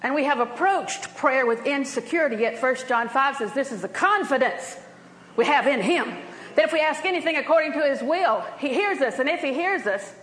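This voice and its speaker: An older woman preaching a sermon with lively storytelling and frequent laughter. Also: sits high, roomy sound, low-quality recording.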